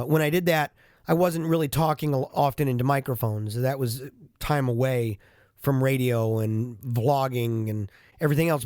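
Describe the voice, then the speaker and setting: A man vlogging in a casual monologue into a studio microphone, chatty, animated and poking fun at himself. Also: medium pitch, no room sound. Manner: chatty, self-mocking and animated. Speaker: vlogger and podcast host. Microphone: studio microphone with headphones.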